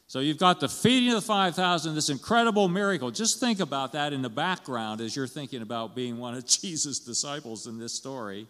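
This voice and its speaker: A man's voice: mid-range voice, lively intonation, a little fast, few pauses, a bit bright, long reverb tail. A man pastor preaching a conversational sermon in a church, asking the congregation questions and chuckling as he goes.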